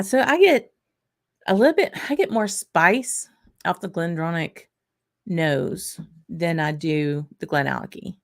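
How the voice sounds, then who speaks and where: Southern woman host, low and gravelly, unhurried live-stream chatter with small laughs. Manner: unhurried, thinking aloud, frequent small laughs. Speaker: whisky channel host. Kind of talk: casual live-stream tasting chat.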